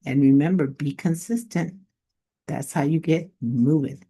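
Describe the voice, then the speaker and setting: A woman's voice: sits low, a little slow, dark tone, breathy edge. A woman giving casual online marketing tips to camera, modest and conversational, thinking aloud as she goes.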